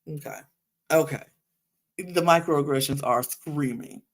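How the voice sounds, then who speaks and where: A woman hosting a podcast, recapping a reality show in an animated, exasperated rant full of asides. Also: deep voice, unhurried. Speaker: podcast host.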